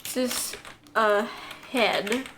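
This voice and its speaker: A woman's voice: on the high side, fairly even intonation, takes it slowly, very noisy. A young woman streaming live, chatting casually and rambling while she draws, answering chat and laughing often. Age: young adult.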